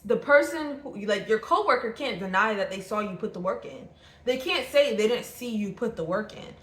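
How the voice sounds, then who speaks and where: Blunt, profane woman reading tarot. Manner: blunt, profane and repetitive, circling back on points; acts out the other person's thoughts in a lower, quieter voice. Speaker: tarot reader. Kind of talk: intuitive tarot reading monologue. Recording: roomy echo.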